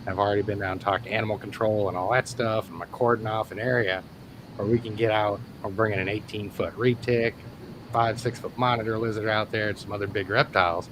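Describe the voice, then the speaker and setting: A man's voice: on the low side, a little fast, background noise. A man in casual live-stream chat, rambling and laughing as he tells stories from work. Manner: relaxed, rambling, laughs often. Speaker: reptile keeper and guest.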